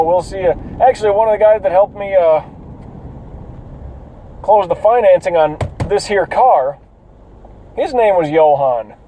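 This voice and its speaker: A man's voice: sits high, dark tone, a little hiss or hum, poor audio. A man talking casually and profanely to camera, rambling with lots of fillers, in a car. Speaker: vlogger.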